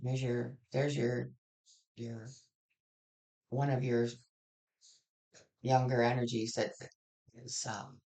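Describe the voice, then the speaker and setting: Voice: mid-range voice, flat delivery, takes it slowly, gravelly, long pauses, mellow. A tarot reader giving a casual general reading, frank and blunt, swearing freely and rambling through restarts.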